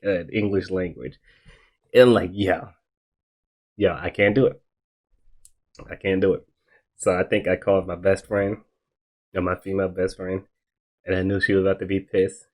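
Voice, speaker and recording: A young man hosting a podcast, telling a personal story in a casual, slangy way and laughing often. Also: deep voice. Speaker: podcast host.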